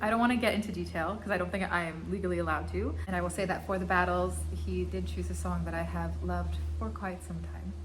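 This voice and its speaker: A woman's voice: lowish voice, fairly even intonation, fast, few pauses, slight background noise. A young woman in her twenties, a singer and vlogger, answering fan questions in a giggly, chatty and playful way. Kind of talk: casual Q&A vlog.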